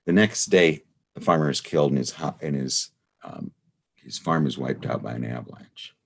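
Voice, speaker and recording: A man's voice: a bass voice, normal speed, creaky, husky. A man leading a study group online, telling anecdotes in a meandering, casual lecture full of "you know" and "uh".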